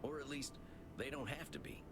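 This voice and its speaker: An actor playing an earnest, centuries-old cowboy vampire with a folksy Southern drawl, in a video game. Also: male voice, medium pitch, normal speed, heavy background noise, lightly acted. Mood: earnest reflection. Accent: American Southern. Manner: folksy drawl, country sayings. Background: loud game music.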